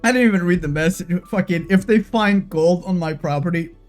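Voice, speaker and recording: A live streamer giving loud, profane gaming commentary, excitable and quick to swing between giddy and exasperated. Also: medium pitch. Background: faint background music.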